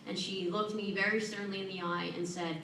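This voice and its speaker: A woman's voice: mid-range voice, little pitch movement, fairly quick, slight background noise. Woman giving an earnest acceptance speech. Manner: earnest and warm, with self-deprecating humor. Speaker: hall of fame inductee giving acceptance speech. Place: large event hall at an awards ceremony. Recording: echoey room, voice from far off.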